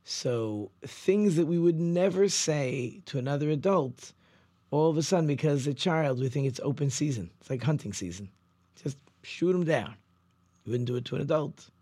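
A man's voice: on the high side, expressive, moderate pace, mellow, breathy edge, dry recording. A middle-aged man, a rabbi hosting a talk show, talking casually and loosely, with frequent ums and restarts. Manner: conversational, loose storytelling with many ums and restarts.

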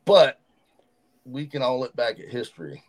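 A man hosting a podcast in a studio, talking at length and with lively energy. His voice sits at a middle pitch and carries an easy, conversational tone. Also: normal speed, low-quality recording. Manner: explains at length, lively storyteller. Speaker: podcast host. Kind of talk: casual studio chat.

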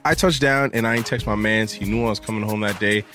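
A man's voice: on the low side, quick pace, fairly bright tone, soft background music. A man co-hosting a podcast, chatting casually and profanely, telling stories and laughing often. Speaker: podcast co-host. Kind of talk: casual chat.

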